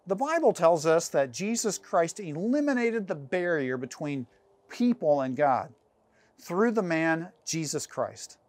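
Earnest preaching man, fairly high voice. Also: no room sound. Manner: earnest, emphatic preaching with rhetorical questions. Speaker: pastor. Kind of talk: sermon.

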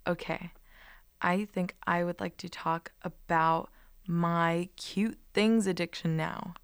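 A woman's voice: lowish voice, steady tone, takes it slowly, clear, resonant tone, no echo, clean studio sound. A young woman co-hosting a podcast, chatting casually and playfully with a friend, often giggling. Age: young adult. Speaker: podcast co-host.

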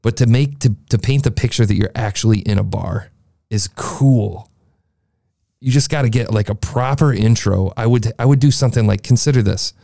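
A man's voice: on the low side, moderate pace, creaky, warm tone, no echo. A man reviewing a podcast in casual, enthusiastic talk that loops back on itself, through a processed, beefy studio mic. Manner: rambling, enthusiastic, talks in circles. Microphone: processed studio mic, beefy sound.

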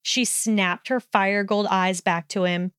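A woman narrating a story in an even, measured reading voice. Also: medium pitch, clear, resonant tone, no room sound, studio quality.

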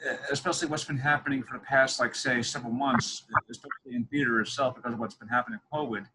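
A man's voice: medium pitch, fairly even intonation, fast, noisy background. A young man interviewing a guest, telling long, digressive stories in casual conversation. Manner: chatty, digressive storytelling.

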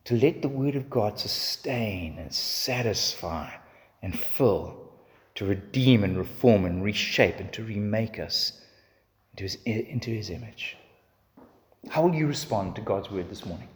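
A man's voice: fairly low pitch, expressive, unhurried, big-room sound. A male pastor preaching a sermon in a building, repetitive cadence, ending in prayer.

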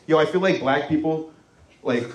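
On a comedy club stage, a man in his thirties from Morocco rambles through a crude, loose stand-up routine, throwing in mocking impressions. His pitch is fairly high and his speed normal, picked up from a distance with roomy club acoustics.

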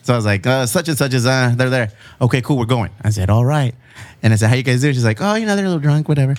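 A man's voice: mid-range voice, racing, dry recording. A man hosting a casual chat, telling stories with lots of laughter and bits of Spanish. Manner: animated storyteller, laughs often, mixes in Spanish. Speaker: podcast host, bar owner.

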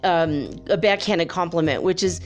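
A woman telling a story in a casual, chatty monologue, laughing often and filling pauses with ums and you-knows. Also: fairly low pitch, soft background music.

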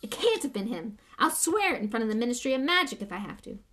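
A woman's voice: on the high side, big pitch swings, quick pace, fairly bright tone, exaggerated voice. A woman reading aloud and voicing a big, loyal, blustery gamekeeper who rants urgently. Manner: urgent, ranting.

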